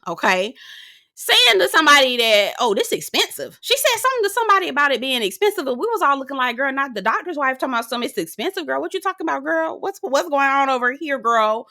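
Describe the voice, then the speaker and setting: A woman's voice: mid-range voice, pushed and bright, no echo, clean studio sound. A woman recapping a reality show for her viewers in a sassy, laughing, slang-filled style. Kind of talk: casual commentary to viewers.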